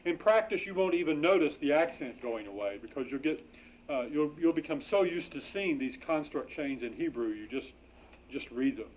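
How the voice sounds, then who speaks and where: A man's voice: fairly high pitch, lively intonation, normal speed, rough recording. Patient man lecturing on grammar. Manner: patient, explanatory, many "uh" fillers and restarts. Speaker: biblical Hebrew instructor. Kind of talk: classroom lecture. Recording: faint background noise.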